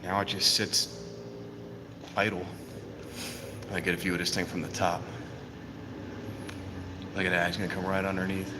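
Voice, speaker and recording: A man's voice: sits low, flat delivery, moderate pace, pauses often, background noise. A man chatting casually to viewers on a live stream, out of breath. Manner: chatty, talks to viewers between trains. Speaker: livestreamer filming trains. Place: outdoor train station platform and footbridge in rain.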